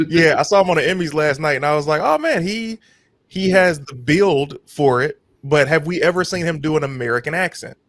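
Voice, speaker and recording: A man co-hosting a podcast who gives his opinions with confidence in quick bursts of casual chat. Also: fairly high pitch, a bit bright, dry recording. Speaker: podcast co-host.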